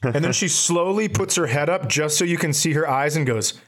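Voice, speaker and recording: A man's voice: fairly high pitch, expressive, moderate pace, a bit bright. A man co-hosting a podcast, telling comic stories in a casual, profane way and laughing at his own punchlines. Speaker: podcast co-host. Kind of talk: casual comedic storytelling.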